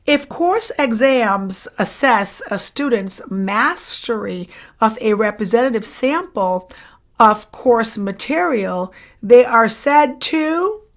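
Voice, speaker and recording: Slow, repetitive woman lecturer. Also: fairly high pitch. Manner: slow, repeats each question and answer, checks in with "okay?" and "right?". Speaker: psychology lecturer. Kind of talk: exam review lesson.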